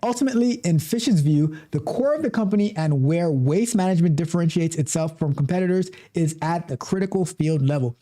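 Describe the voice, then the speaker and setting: A man hosting a livestream, reading an article aloud and breaking off for animated asides, often restarting and repeating words. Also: fairly high pitch. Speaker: livestream host.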